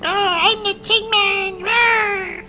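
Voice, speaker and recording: A man voicing a tiny, excitable, childlike girl creature who squeals and talks about herself in the third person. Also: very high voice, takes it slowly, noisy background, voice pushed up. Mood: excited.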